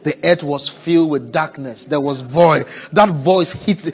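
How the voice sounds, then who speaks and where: A man preaching a sermon, asking the congregation for responses and swinging from hushed, drawn-out words to loud cries. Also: fairly high pitch, husky. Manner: preaching with call-and-response, swelling to shouts.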